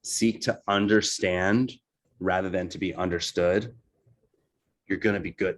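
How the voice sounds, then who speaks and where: Man, New Jersey accent, lowish voice, chatty team coaching, loose and informal. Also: steady tone, unhurried. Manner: loose, chatty, says "like" and "right?" a lot. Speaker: real estate team leader. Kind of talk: casual team training talk.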